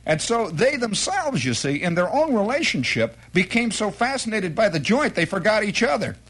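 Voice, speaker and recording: A middle-aged man spinning a long, rambling comic story, his voice sitting a little high for a man and swinging widely up and down as he jumps into quoted exclamations. Stand-up monologue delivery, loose and conversational. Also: sing-song, normal speed, fairly bright tone, husky. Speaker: comedian.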